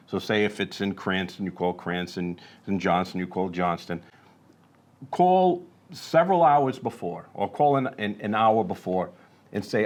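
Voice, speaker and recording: Man, lowish voice, podcast co-host, casual conversational storytelling. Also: darkish tone. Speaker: podcast host, real estate agent.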